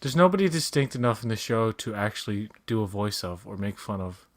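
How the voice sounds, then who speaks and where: A man's voice: fairly low pitch, big pitch swings, a little fast. A man co-hosting a casual watch-along, talking through his thoughts with restarts and trailing sentences. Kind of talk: casual commentary chat.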